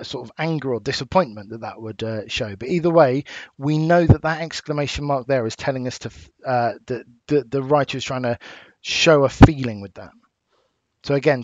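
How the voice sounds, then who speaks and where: A man with an English accent, a teacher giving a recorded lesson, explaining patiently and clearly with small fillers. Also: medium pitch, no room sound. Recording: dull dry home recording.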